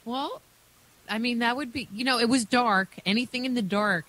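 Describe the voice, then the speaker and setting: A woman's voice: on the high side, moderate pace, fairly bright tone. A woman hosting a radio show, asking rambling, chatty questions of her guest. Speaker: radio host. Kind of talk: interview questions.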